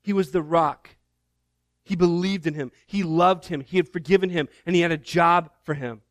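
A man giving a sermon as a guest preacher, telling the story in an animated, conversational way with casual asides. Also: on the high side, moderate pace, no room sound.

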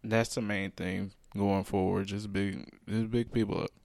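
Gravelly low young man, laid-back. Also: level tone, a little slow, darkish tone, dry recording. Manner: laid-back, rambling, fillers. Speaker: podcast co-host. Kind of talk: casual podcast chat.

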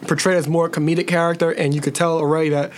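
A man co-hosting a casual talk podcast, talking with halting restarts and repeated words. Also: on the high side, little pitch movement. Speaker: podcast co-host. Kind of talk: casual chat.

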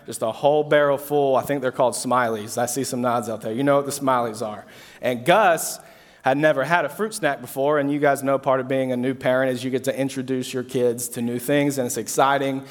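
A man's voice: mid-range voice, fairly even intonation, a little fast. A young man preaching a sermon to an audience, telling a story with casual asides and repeated phrases. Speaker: pastor. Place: hall with an audience. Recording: long hall reverb.

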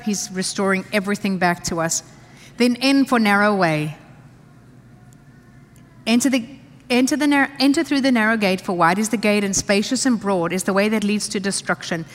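Emphatic woman preaching in a reverberant hall. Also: mid-range voice. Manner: emphatic, repeats phrases, reads scripture aloud. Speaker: pastor. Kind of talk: sermon.

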